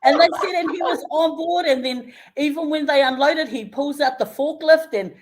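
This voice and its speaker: Animated New Zealand woman telling a story. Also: sits high, normal speed. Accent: New Zealand English. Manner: lively storyteller who acts out quoted voices, often laughing. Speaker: interview guest, community health worker. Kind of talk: casual radio interview storytelling.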